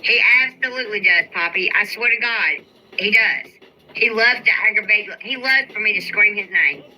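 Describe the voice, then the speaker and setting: Bright-voiced woman venting on a livestream. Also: mid-range voice, normal speed, rough recording. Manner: exasperated venting, profane, drawling. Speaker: YouTube live streamer. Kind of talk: casual live-stream chat reading viewer comments.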